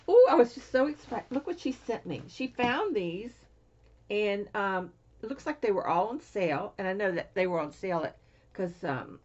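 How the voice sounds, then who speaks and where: A woman's voice: mid-range voice, dull audio, slight background noise. A woman from Florida showing off her craft supplies in a casual, gushing chat, often trailing off with fillers. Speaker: craft vlogger. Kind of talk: casual show-and-tell chat.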